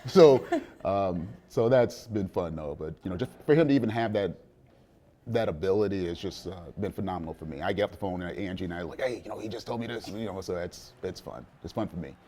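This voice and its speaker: Deep-voiced, mellow middle-aged father. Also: fast. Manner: relaxed, many fillers and restarts, chuckles. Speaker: interview guest, father of a college quarterback. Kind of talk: casual sit-down interview.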